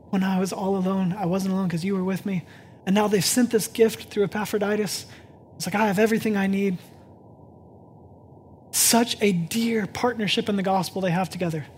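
Guy preaching, chatty sermon, soft then fired up, bit of background hiss. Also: high voice. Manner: conversational, swings from hushed to excited. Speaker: pastor. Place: church sanctuary.

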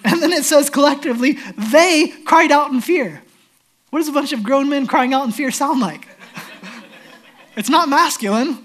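Animated man preaching. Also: very high-pitched, moderate pace. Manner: animated storytelling, swings from loud to hushed. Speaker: pastor. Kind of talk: sermon.

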